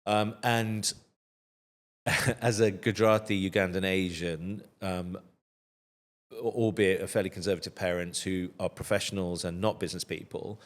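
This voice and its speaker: A man's voice: low voice, steady tone, normal speed. A man in his fifties, an interview guest who speaks thoughtfully with frequent restarts and hesitations. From United Kingdom. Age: 50s. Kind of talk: casual interview chat.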